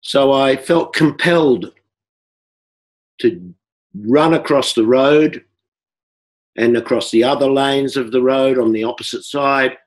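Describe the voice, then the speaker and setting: An Australian man telling a personal story in a halting way, with restarts and repeated words. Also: medium pitch. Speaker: workshop participant.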